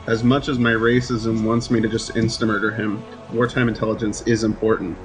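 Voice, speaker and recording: A man's voice: fairly low pitch, flat delivery, poor audio. A man playing a tabletop game who lays out his plans step by step, with faint music behind. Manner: deliberate, plans aloud. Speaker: player. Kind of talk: casual game banter.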